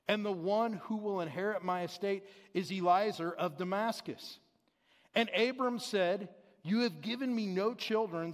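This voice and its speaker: Unhurried male preacher with a high voice, long hall reverb. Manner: conversational, explanatory preaching with paraphrased scripture. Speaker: pastor. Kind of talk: sermon. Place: large church sanctuary.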